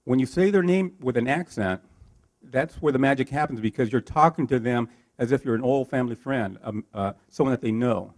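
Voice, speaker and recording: A man's voice: medium pitch, brisk. Man coaching a workshop crowd. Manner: lively, coaching, asks the room questions. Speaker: workshop trainer. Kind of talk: live workshop talk to an audience.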